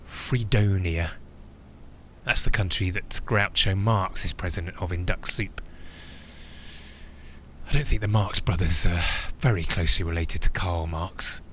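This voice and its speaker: A man's voice: deep voice, measured pace, fairly bright tone, highs cut off, slight background noise. An actor playing a man flying alone, who talks in a reflective, digressive way with small hesitations. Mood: musing. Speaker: narrator-pilot. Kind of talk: theatrical monologue.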